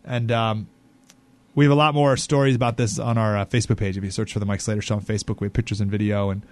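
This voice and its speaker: A man hosting a talk radio show, giving animated, indignant commentary and acting out the people he quotes. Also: lowish voice, fast talker, no echo.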